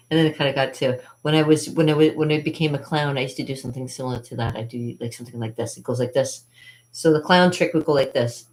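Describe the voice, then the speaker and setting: A woman's voice: a bass voice, moderate pace, pauses often, darkish tone. A woman magician and channel host, telling rambling stories about her childhood in a chatty, digressive way, with frequent laughs and fillers. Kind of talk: rambling personal storytelling.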